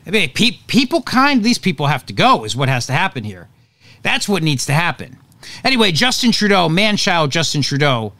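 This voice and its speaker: Animated sarcastic male talk host. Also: a little high, dry recording. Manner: sarcastic, animated, jokey asides. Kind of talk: opinionated talk radio monologue.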